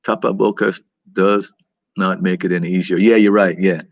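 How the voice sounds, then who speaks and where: Vlog host, male, low husky voice, loose rambling delivery, dry close sound. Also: fairly even intonation, moderate pace, no room sound, muffled recording. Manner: rambling, reacting aloud to viewer comments. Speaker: vlog host reading live chat. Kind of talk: casual live-stream chat.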